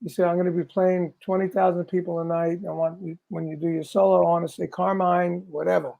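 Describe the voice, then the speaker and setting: An older man co-hosting a casual chat, telling an anecdote in a relaxed, unhurried way. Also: high voice, vocal fry, narrow, tinny audio.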